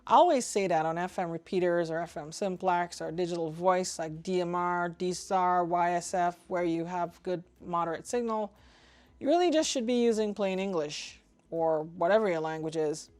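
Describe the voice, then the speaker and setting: A woman from Trinidad and Tobago, a ham radio vlogger, explaining things in an opinionated, casual way and spelling out call signs slowly. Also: on the low side, darkish tone. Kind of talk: casual explanatory talk to camera.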